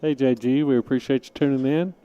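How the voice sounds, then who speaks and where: A man's voice: mid-range voice, fairly even intonation, brisk, warm tone, clean tone, lo-fi sound. Easygoing male pool stream host. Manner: easygoing, frequent short agreeing replies. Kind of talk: casual live pool commentary.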